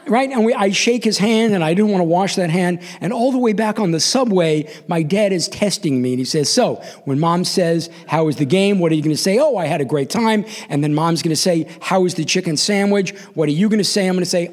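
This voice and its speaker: A man's voice: high-pitched, a little fast, hardly any pauses. A man in his sixties from New York, hosting a live storytelling show and acting out the voices in his own story. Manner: animated, acts out quoted voices.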